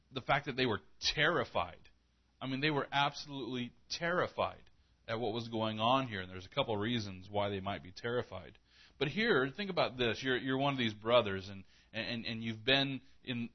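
A man's voice: mid-range voice, highs cut off. A man preaching a sermon in an earnest, conversational way, acting out the story as he retells it. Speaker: pastor.

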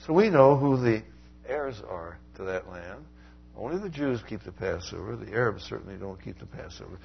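A man preaching a Bible sermon, animated, swinging from loud emphatic lines down to quiet asides. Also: medium pitch, moderate pace, creaky, breathy edge, dull audio.

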